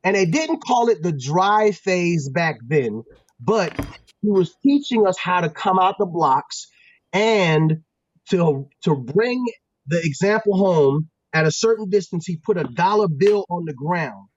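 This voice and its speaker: A man from Pennsylvania, a former football player and guest, telling stories in a casual, animated, slangy way with lots of restarts. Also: high-pitched, a little slow, dry recording, muffled recording. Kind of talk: casual storytelling.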